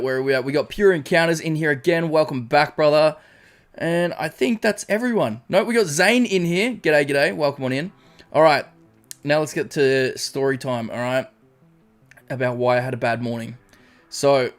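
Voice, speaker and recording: An Australian man streaming live, chatting casually, greeting viewers by name and rambling through a story. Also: medium pitch.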